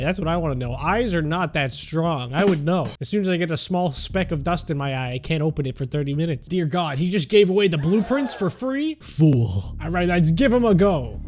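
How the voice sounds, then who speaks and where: A young man giving jokey, excited commentary on a sandbox game, crying out at the action. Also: a little high. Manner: animated, jokey, cries out at on-screen action. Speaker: gaming YouTuber.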